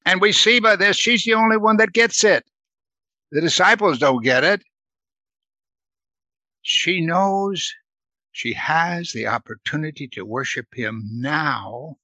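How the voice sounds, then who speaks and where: A man's voice: on the high side, lively intonation, measured pace, long pauses, sharp tone, dry recording. Earnest man teaching a Bible study. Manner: earnest, asks the listeners questions, adds "right?".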